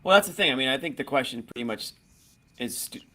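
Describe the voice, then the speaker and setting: A man's voice: mid-range voice, animated, fast talker, pushed and bright. A man on a basketball postgame panel, talking casually, hedging with "I mean" and slipping in dry jokes. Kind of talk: casual sports chat.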